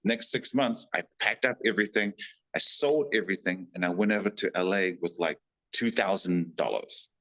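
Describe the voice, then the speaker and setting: A New Zealand-accented man, a guest on a podcast, tells casual stories at normal speed in a voice that sits low. He's animated and acts out the people he quotes in lively voices. The recording is rough.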